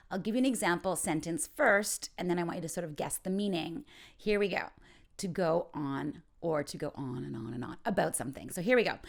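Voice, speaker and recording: Woman teaching english phrases, super animated voice, acts out little scenes for fun. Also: on the low side, creaky. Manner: playful, acts out quick example dialogues. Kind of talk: informal ESL lesson.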